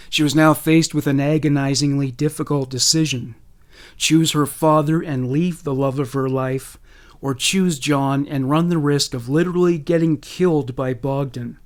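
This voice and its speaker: A man giving scripted narration in a measured, serious way. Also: a little high, fairly even intonation.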